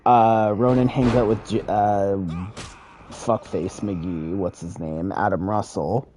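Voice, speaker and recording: Give me a man telling a game story casually and profanely, slow-paced with a low pitch. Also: fairly even intonation, dark tone, a little hiss or hum. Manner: profane, rambling, chuckles. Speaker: gaming creator.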